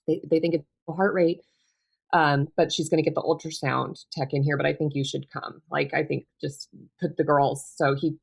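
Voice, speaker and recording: A woman in her thirties speaks as a podcast guest, recounting a personal story. Her voice sits notably low, and she talks quietly, with many pauses, fillers and restarts that give her a subdued, halting delivery. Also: creaky, husky. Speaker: podcast guest, bereaved mother.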